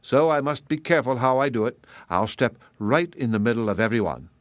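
A man's voice: medium pitch, expressive, fairly quick, no room sound, lightly acted. A man voicing a simple-minded, eager young boy who speaks earnestly in a storybook reading. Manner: earnest, naive.

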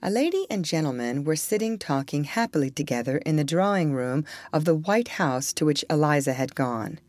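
A woman reading a classic story aloud for children in a clear, lively voice. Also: low voice, normal speed, no echo, clean studio sound.

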